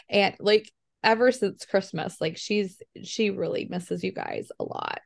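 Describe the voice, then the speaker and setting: A middle-aged woman, a mother, telling a family story in casual chat over a video call, animated and laughing often. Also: mid-range voice, measured pace, gravelly, hardly any pauses. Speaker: podcast co-host, mother.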